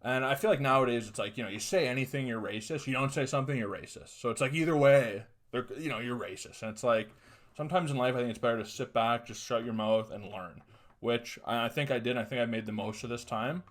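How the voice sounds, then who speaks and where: A man's voice: mid-range voice, quick pace. A young man hosting a podcast, talking bluntly and casually, rambling with profanity and mocking asides. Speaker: podcast host. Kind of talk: casual solo commentary.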